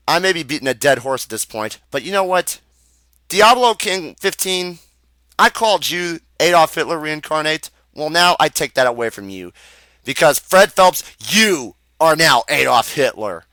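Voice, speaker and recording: A man's voice: fairly high pitch, sharp tone, no room sound. A young American man delivering an angry, profane, improvised rant. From United States. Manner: profane, heated, emphatic. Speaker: video ranter.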